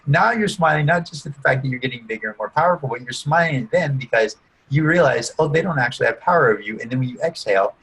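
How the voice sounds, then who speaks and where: A man working as a coach, calmly guiding listeners through a visualization exercise in an interview and often checking in with "okay?" and "right?". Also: mid-range voice, quick pace, a little hiss or hum, low-quality recording. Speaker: guest coach using neurolinguistic programming. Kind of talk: guided visualization during an interview.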